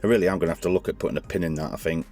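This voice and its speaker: A man with a very low, deep voice talks through a hands-on toy review in a loose, rambling way, often correcting himself mid-sentence. Faint music plays underneath. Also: fairly even intonation, very fast, darkish tone. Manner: chatty, rambling, self-correcting.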